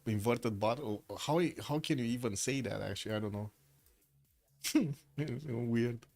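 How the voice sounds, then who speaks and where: A man giving casual solo commentary on a strategy game match, rambling with frequent pauses and restarts, and he has the hiccups. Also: mid-range voice. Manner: rambling, hesitant, many uh fillers and restarts. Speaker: esports caster.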